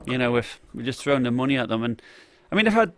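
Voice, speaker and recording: A man's voice: mid-range voice, sing-song, quick pace. A man chatting on a live stream about tech, rambling with lots of fillers and restarts, and greeting viewers from the chat.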